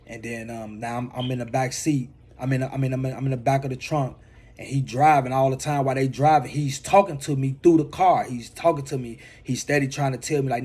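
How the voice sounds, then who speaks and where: Husky man retelling his story. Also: mid-range voice, steady tone, brisk, a little mellow. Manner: repeats phrases, emphatic retelling. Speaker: motivational speaker. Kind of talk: personal testimony storytelling.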